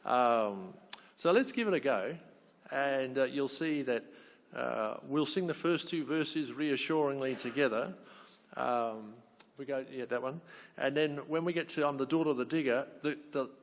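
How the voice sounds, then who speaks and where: A man's voice: mid-range voice, a little slow. A man from Wales with a Welsh accent, leading a crowd in a sing-along as a chatty, encouraging choir leader. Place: large hall at a conference. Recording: echoey hall, dull sound.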